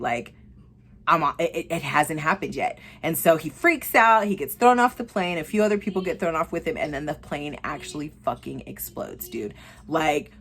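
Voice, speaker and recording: A young woman vlogger with a low, husky voice casually recommends movies. She gets excited, swears freely and says "like" constantly.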